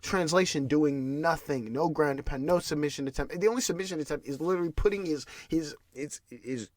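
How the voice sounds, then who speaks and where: A man's voice: a little high, brisk, no echo. A man hosting a podcast, ranting in casual solo commentary with restarts and repeated words. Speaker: podcast host.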